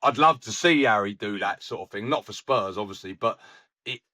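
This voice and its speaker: A man's voice: fairly low pitch, a little fast, pushed and bright. A man on a casual football podcast, rambling through stories and acting out the people he quotes. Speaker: podcast co-host.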